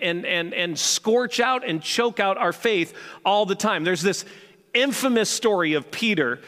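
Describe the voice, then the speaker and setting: A man preaching on a church stage with a high, bright and forceful voice. He talks in an animated, joking way and often restarts mid-sentence. His voice echoes through a large hall with long reverb. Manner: animated and humorous, with frequent restarts. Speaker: pastor. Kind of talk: sermon.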